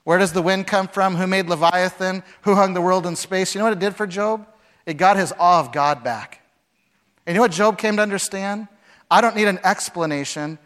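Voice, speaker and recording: A man preaching a sermon, with dramatic swings between loud, acted-out lines and hushed, quiet passages. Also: sits high, a little fast. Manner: dramatic, acts out voices with big swings from shouting to hushed. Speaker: pastor.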